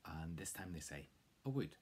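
A man's voice: low-pitched, lively intonation, normal speed, darkish tone, slight background noise. A man giving a casual, chatty spoken language lesson, coaching the listener along. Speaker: language teacher. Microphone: close mic to camera.

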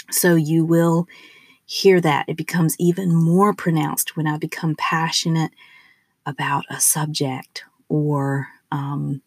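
A woman in her forties with a Southern US accent, hosting a spiritual podcast in a soft, affirming, unhurried monologue. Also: low-pitched, no echo. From southern United States. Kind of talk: gentle personal monologue.

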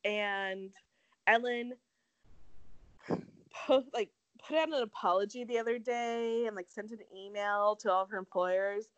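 A woman's voice: medium pitch, a little slow, dry recording, dull audio. A young woman casually chatting as a podcast co-host, telling a story with lots of "like" and acting out quotes. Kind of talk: casual chat.

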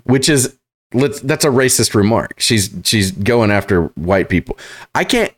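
A man hosting reaction commentary, sarcastic and halting, full of fillers and restarts. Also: lowish voice, expressive. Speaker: commentary host.

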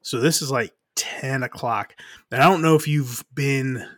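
说话绕来绕去的男人. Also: male voice, medium pitch, a bit bright, no room sound, studio quality. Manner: meandering, halting with fillers. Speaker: podcast co-host. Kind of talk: casual storytelling chat.

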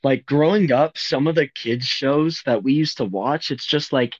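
A young man co-hosting a casual podcast, joking in a mock-gloomy, deadpan way. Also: mid-range voice, moderate pace, no room sound, lo-fi sound. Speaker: podcast co-host.

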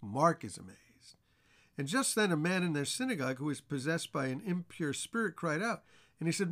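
A male pastor walking listeners through a Bible chapter for a teaching podcast. His voice sits a bit high with a gravelly rasp. He presses his points with earnest repetition. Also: sing-song, normal speed, a bit bright.

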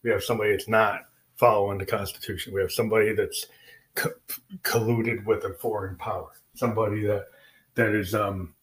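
A man's voice: on the low side, level tone, brisk, fairly bright tone. A man who is a musician, talking casually and rambling about his music with many fillers and restarts. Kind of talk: casual spoken explanation.

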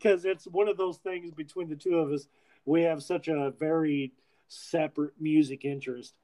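A man's voice: on the high side, fairly even intonation, moderate pace, dark tone, poor audio. A man hosting a podcast in casual chat, rambling with frequent restarts and swearing freely. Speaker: podcast host.

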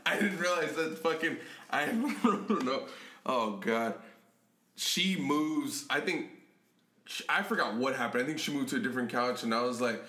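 Casting note: young man, bright lively voice, swears and laughs through his story, echoey room. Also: medium pitch, moderate pace. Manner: profane, laughs a lot while telling a story. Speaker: podcast co-host. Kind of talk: casual chat. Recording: echoey room with faint noise.

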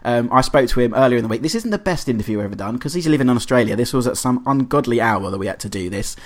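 A man's voice: mid-range voice, expressive, racing, rough recording. A man hosting a radio show, chatting with a guest in a playful way. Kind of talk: radio interview chat.

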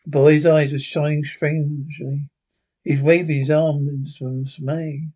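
A man reads a classic horror tale aloud in a husky, fairly high voice. His delivery is plain and steady, and he sometimes slips on a word and restarts. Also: measured pace. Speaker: narrator.

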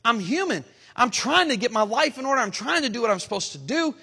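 High bright-voiced man preaching in a hall. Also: sing-song, vocal fry, husky. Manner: preaching with surging emphasis and dramatic pauses. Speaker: pastor. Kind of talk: sermon. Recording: long hall reverb.

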